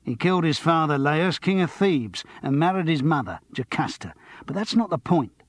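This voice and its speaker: A man's voice: on the high side, animated, moderate pace, no echo, pitched above the performer's own voice. A man voicing a blunt, stubborn comedian. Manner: blunt, plain-spoken.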